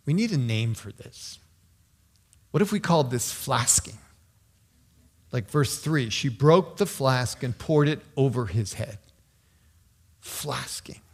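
A man preaching a sermon, explaining scripture with emphatic pauses and sudden drops to a quiet voice. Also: mid-range voice, animated. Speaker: pastor.

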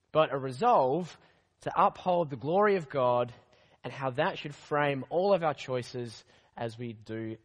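Hoarse man preaching in a reverberant hall. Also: a little high. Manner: conversational, builds on rhetorical repetition. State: hoarse from a cold. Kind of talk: sermon. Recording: long reverb of a large hall.

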